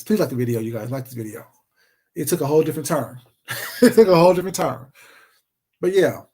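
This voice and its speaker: A man vlogger ranting to camera in a profane, confrontational, combative way. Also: high voice. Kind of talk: casual rant to camera.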